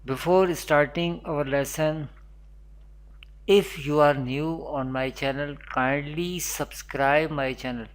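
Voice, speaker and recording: Slow, even-voiced teacher. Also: male voice, a little high, smooth. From Pakistan. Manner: measured, repeats each letter several times. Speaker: Quran teacher. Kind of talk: online recitation lesson.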